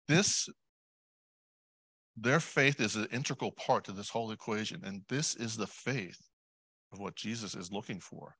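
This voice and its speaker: A man preaching a sermon in a conversational way, putting questions to the congregation, adding asides and clearing his throat often. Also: lowish voice, a little slow, long pauses, sharp tone, dry recording. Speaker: lay preacher.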